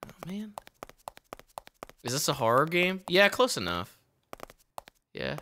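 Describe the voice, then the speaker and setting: Excitable, swearing male streamer. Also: fairly high pitch, takes it slowly, a little hiss or hum. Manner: excitable, profane, yelling at characters. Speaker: streamer playing a video game. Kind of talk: live gameplay commentary.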